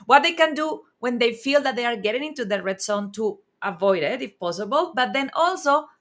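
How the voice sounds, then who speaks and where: Woman host, bright, fairly high voice, earnest and thinking aloud. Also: animated, brisk. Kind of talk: casual interview.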